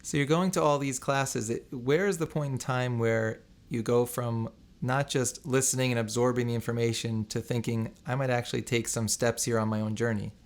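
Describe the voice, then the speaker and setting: A man's voice: medium pitch, steady tone, moderate pace, hardly any pauses. A man asking conversational follow-up questions as an interviewer. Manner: conversational, probing follow-ups.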